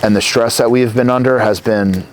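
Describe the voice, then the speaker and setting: A man in his thirties from New Jersey talks at a middle pitch as an interview guest. He rambles through animated stories and swears freely. Faint background noise runs under the voice. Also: normal speed. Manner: rambling, profane, animated storytelling. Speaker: guest, company founder. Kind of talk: casual interview conversation.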